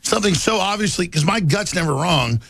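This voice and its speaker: Excitable guy guesting on a talk show, gravelly and a bit husky, dry sound. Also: a little fast, no echo. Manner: emphatic, excitable, drops low for asides. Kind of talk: political talk show chat.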